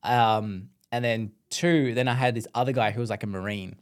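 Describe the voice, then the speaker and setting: A man's voice: medium pitch, moderate pace. An Australian man in his young adult years hosts a casual podcast chat. He tells stories with an easy rhythm and laughs often. His voice sits in a middle register. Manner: laughs often, animated storytelling. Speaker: podcast host.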